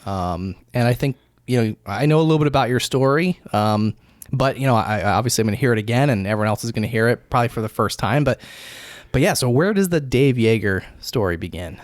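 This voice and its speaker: A man's voice: mid-range voice, expressive, quick pace, no room sound. A man hosting a casual interview podcast in an upbeat, chatty way with a middle-range voice. The sound is dry and close, with no room around it. He talks. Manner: upbeat, chatty, many fillers. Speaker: podcast host. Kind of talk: casual interview and read ads.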